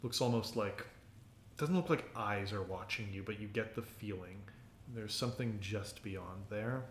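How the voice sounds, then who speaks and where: A man running a tabletop game, narrating scenes in a loose, filler-heavy way. His voice sits on the low side and rings in an echoey room. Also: a little slow, a little hiss or hum. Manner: casual narration full of "like" and "um". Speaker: game master.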